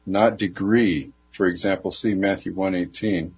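A man in an informal Bible study, talking in a halting way with many restarts. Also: sits low, fairly even intonation, husky, lo-fi sound. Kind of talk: casual Bible study discussion.

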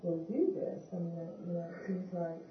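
A woman's voice: on the low side, a little fast, distant mic. A woman in a Bible study class who asks a question hesitantly and tentatively. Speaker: class member. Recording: muffled, roomy recording with faint noise.

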